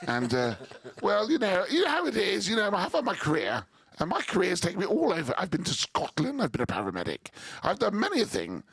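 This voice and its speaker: A man's voice: sits high, wildly swooping pitch, quick pace, creaky, few pauses, fairly bright tone, husky, no room sound, voice pushed up, exaggerated voice. A man voicing a posh, well-spoken middle-aged woman who talks in an airy, self-important way.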